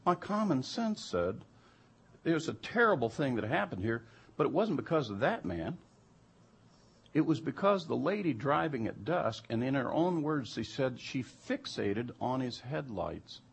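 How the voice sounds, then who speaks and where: A man's voice: mid-range voice, big pitch swings, measured pace, vocal fry, husky. A man telling a personal anecdote in an emphatic way that turns heated and incredulous. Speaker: storyteller recounting jury duty.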